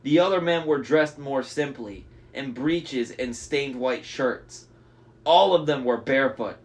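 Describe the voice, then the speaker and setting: A man's voice: medium pitch, unhurried, background noise. A young man reading a novel aloud, breaking off for enthusiastic, chatty fan commentary. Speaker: audiobook reader.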